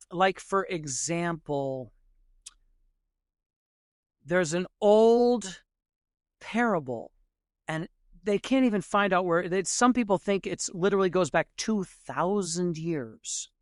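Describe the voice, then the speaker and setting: A man's voice: high voice, smooth, dry recording. Jazz guy on a podcast rambling through a story, lots of restarts, dry close mic. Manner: rambling, restarts, many "you know"s. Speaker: podcast guest, jazz musician. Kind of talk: conversational storytelling.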